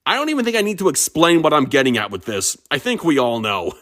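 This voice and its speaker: A man's voice: a little high, sing-song, moderate pace. A man from the United States hosting a casual cartoon review, joking and self-mocking. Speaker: cartoon critic host.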